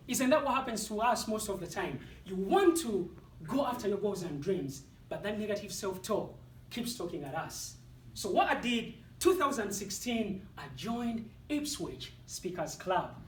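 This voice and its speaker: Slow, lively African-accented man speaking in a hall. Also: high voice, slight background noise. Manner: dramatic, deliberate delivery with punchy pauses. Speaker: motivational speaker. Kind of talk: competition speech to an audience. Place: speaking hall with live audience. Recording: echoey hall, voice from far off.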